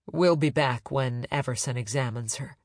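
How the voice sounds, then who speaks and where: A man's voice: on the high side, steady tone, slow pace, smooth, no echo, studio quality, voice pushed up. A male narrator voicing a guarded woman police detective who speaks in clipped, commanding lines. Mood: firm.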